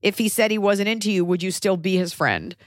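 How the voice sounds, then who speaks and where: A young woman co-hosting a podcast and giving casual, blunt advice, often swearing and stacking up quick questions. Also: mid-range voice, dry recording, studio quality. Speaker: podcast co-host, comedian.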